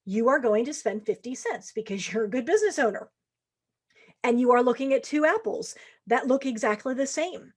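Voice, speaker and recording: A woman's voice: a little high, animated, moderate pace. A middle-aged woman giving sales advice on a podcast, chatting casually and acting out what prospects and salespeople say. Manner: conversational, acts out quoted lines of prospects. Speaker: sales coach.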